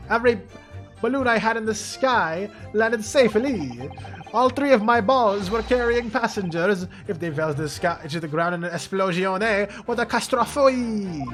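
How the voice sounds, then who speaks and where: A man voicing a boastful, excitable Italian male balloonist with an exaggerated mock-Italian accent and theatrical, drawn-out exclamations. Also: high voice, soft background music, pitched above the performer's own voice. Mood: indignant. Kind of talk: voicing game dialogue.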